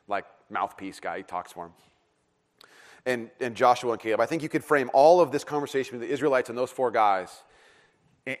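A middle-aged man preaching a sermon in a casual, joking and animated way, with plenty of fillers and restarts. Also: medium pitch. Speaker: pastor.

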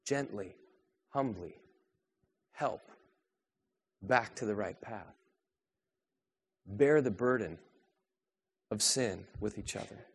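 Male pastor, sermon delivery, rhetorical questions, soft to raised. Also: fairly low pitch, slow, long pauses, breathy edge.

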